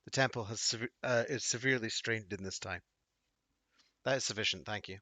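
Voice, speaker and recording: A man's voice: fairly low pitch, fairly quick, sharp tone, no room sound. Grudging temple priest, read by a man. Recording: dull dry audio.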